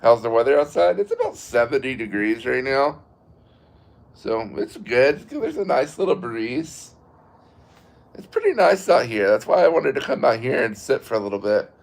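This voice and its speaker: A man in his thirties chatting casually with viewers from his porch at night, relaxed and talkative. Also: mid-range voice, moderate pace, creaky. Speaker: livestream host. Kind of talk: casual chat.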